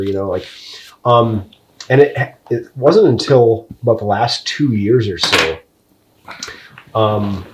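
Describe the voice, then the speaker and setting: A man's voice: on the low side, a little slow, slight background noise. A man talking bluntly and profanely in a casual podcast conversation, wandering off topic. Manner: tangential, loses his thread. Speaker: podcast co-host.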